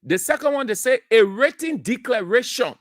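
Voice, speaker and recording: Radio host lecturing on air, emphatic and repetitive, dry close studio mic, mid pitch. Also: expressive, moderate pace, no room sound. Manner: emphatic and lecturing, repeats key phrases, asks rhetorical questions. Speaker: radio talk show host. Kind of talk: opinionated radio commentary, explaining definitions.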